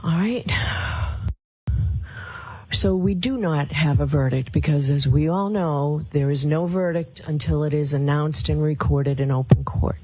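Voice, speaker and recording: Measured woman judge addressing court. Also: sits low, darkish tone, breathy edge. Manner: measured, formal.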